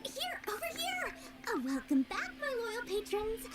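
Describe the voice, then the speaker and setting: A woman's voice: extremely high pitch, wildly swooping pitch, a little slow, heavy background noise, heavily acted. A woman voicing a chirpy young female merchant in a game, with sing-song sales patter. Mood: welcoming.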